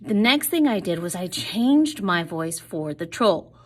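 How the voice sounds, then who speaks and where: A woman's voice: lowish voice, very animated, a little slow. A woman teaching a lesson for children in an upbeat, encouraging way.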